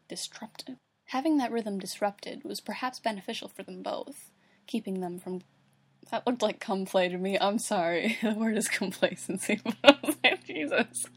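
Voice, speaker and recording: Husky woman stumbling through a read-aloud. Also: mid-range voice, normal speed. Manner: stumbles over words, swears and laughs at herself. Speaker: reader. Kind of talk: reading a fan story aloud with running comments. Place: at home alone. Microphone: computer microphone.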